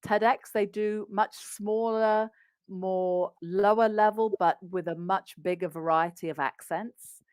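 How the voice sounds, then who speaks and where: A woman's voice: medium pitch, steady tone, unhurried, a little mellow, smooth, no echo. A woman with an English RP accent, a business English coach, explaining practical tips in an upbeat conversational interview.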